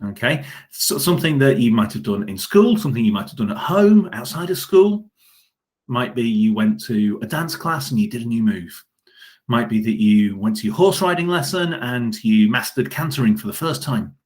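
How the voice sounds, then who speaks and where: A man's voice: mid-range voice, animated, moderate pace. A man leading a school assembly, speaking directly to children in an encouraging, upbeat way.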